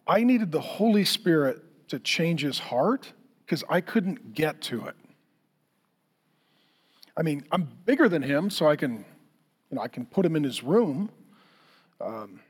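A man's voice: a little high, slightly rough. A man preaching a conversational sermon, telling stories and acting out the lines of the people in them. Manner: conversational, storytelling with acted-out quotes. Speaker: pastor.

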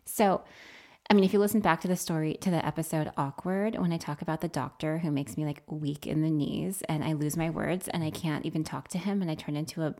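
Laughing, animated woman podcast co-host. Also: deep voice, a little fast. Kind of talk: casual chat with spouse.

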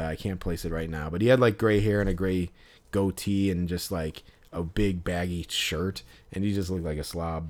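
A man hosting a podcast, telling a story in a rambling way, with many fillers and restarts. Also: fairly low pitch. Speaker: podcast host. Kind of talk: casual podcast chat.

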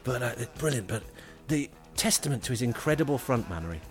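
Animated rambling comedy host. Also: male voice, medium pitch, fast talker, soft background music. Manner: rambling, animated storytelling with restarts. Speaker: podcast co-host. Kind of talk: casual comedy chat.

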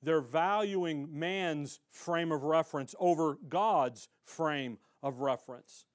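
Male pastor, lightly higher voice, excitable sermon delivery with big swings in volume. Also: slow pace. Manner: excitable, animated, shifting between loud emphasis and quiet asides. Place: church sanctuary.

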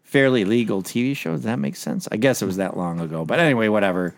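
A man in casual podcast chat, halting and searching for words. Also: fairly low pitch, expressive, gravelly, no echo. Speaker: podcast co-host.

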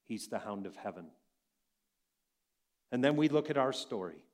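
A man preaching a sermon, swinging between loud emphatic passages and quiet hushed lines. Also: mid-range voice, expressive, moderate pace. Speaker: pastor.

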